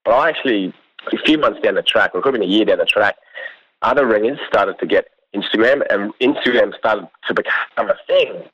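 A young Australian man, a cattle station worker, telling a long story in a relaxed, rambling way and laughing often. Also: on the low side, fairly quick, husky, lo-fi sound. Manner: laid-back, rambling, laughs often, quotes others in lively voices. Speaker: cattle station ringer, guest. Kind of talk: casual storytelling.

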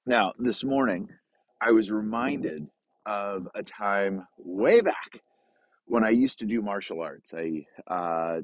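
Middle-aged male podcast host with a cold, low, dry close sound, upbeat and chatty, talking on a walk. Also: no room sound, low-quality recording. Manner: upbeat, chatty, frequent filler words. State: coming down with a cold. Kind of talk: casual solo podcast monologue. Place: outdoors on a snowy walk.

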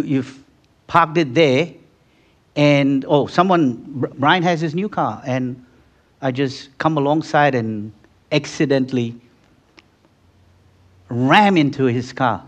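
Fervent preacher man, lo-fi sound. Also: mid-range voice. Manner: builds from conversational storytelling to loud, fervent exhortation; acts out little scenes with quoted voices. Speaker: pastor. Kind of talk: sermon.

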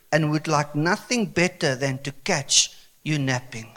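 Animated South African pastor, high voice. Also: male voice, a little slow. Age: 50s. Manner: animated, comic storytelling with sudden bursts of excitement. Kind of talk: storytelling sermon.

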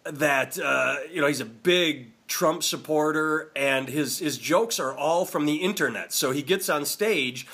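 A man's voice: a little high, a little slow, few pauses, sharp tone, slightly rough. A man co-hosting a casual comedy podcast, telling a rambling story with frequent restarts and laughter.

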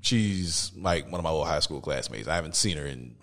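Young man, podcast co-host, casual banter, lively pitch. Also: brisk, vocal fry. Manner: loose, joking, swears freely.

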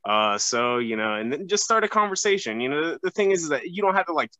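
A young man chatting on a podcast as a guest, halting and full of fillers and restarts. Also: high voice, lively intonation, fairly bright tone, no room sound, dull audio. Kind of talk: casual podcast chat.

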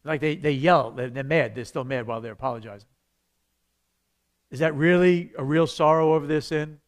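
Male pastor, slightly higher voice, chatty and animated, teaching a class and acting out quotes. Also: moderate pace. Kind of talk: teaching a church evangelism class.

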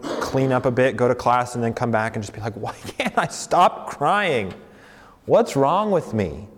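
Conversational young pastor in a reverberant hall. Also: male voice, mid-range voice. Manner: conversational with fillers and self-corrections. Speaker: campus pastor. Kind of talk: sermon.

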